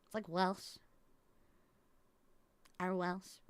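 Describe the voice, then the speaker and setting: A woman's voice: on the low side, little pitch movement, drawn-out words, clear, resonant tone, dry recording. A Scottish woman chatting casually as she reacts to a video, playful and giggly, rambling between thoughts. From Scotland. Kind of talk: casual reaction stream chat.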